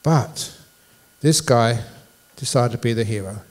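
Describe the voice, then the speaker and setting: A male monk gives a public dharma talk in a university lecture hall, speaking at an ordinary middle pitch, unhurried and a little mellow. He's a playful storyteller who jokes with the audience.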